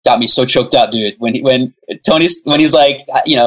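Male podcast guest, slightly husky, eager and rambling, casual chat. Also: medium pitch, brisk, fairly bright tone, rough recording. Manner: enthusiastic, rambling with fillers. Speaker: guest, musician.

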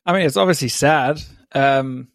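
Gravelly-voiced young man, laid-back. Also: mid-range voice, moderate pace, no echo, studio quality. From South Africa. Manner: laid-back, laughs while telling stories. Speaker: podcast guest. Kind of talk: casual chat.

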